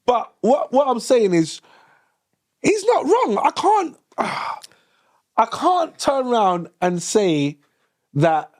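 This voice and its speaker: A man, co-hosting a podcast, making his case in halting, restarting bursts. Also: very high voice, big pitch swings. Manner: halting, restarts while building an argument. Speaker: podcast co-host. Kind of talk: casual group chat.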